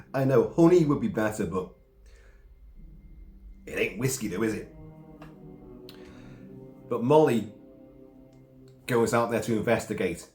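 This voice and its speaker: A man's voice: mid-range voice, darkish tone, echoey room. A man, sick and coughing, giving a rambling casual film review with asides and mild swearing.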